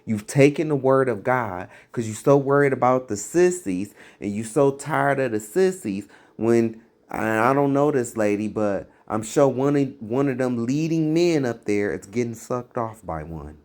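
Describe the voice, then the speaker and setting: A man's voice: medium pitch, lively intonation, unhurried, a little mellow. A man giving fiery, blunt commentary on preachers, scornful and mocking. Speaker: religious commentator.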